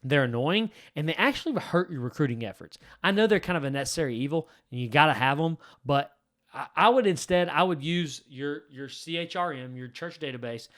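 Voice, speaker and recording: Casting: male pastor, slightly higher voice, blunt coaching delivery. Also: lively intonation, a little fast, fairly bright tone. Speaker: lead pastor teaching church leaders. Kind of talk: direct-to-camera teaching talk.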